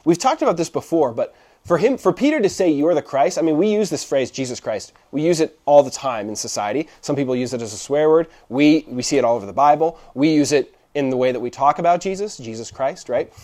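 A man's voice: a little high, expressive, fast, darkish tone. A young man preaching a casual sermon, checking in with his listeners often as he explains. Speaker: pastor. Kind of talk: conversational sermon.

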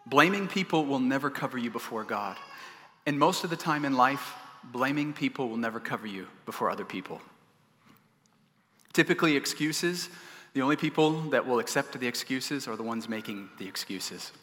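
Bright, forceful male preacher in reverb. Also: medium pitch, normal speed. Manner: animated storytelling with humorous asides. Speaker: pastor. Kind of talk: sermon.

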